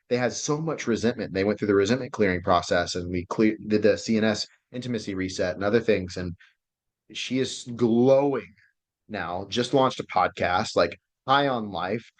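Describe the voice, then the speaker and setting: A man coaching relationships in a casual online class, loose and excitable, swearing freely. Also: lowish voice. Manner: loose, profane and excitable, many fillers.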